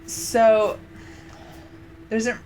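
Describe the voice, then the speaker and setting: A woman's voice: on the high side, level tone, very slow, darkish tone, slight background noise. A woman vlogger chatting casually, rambling with many fillers and restarts. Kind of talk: casual chat.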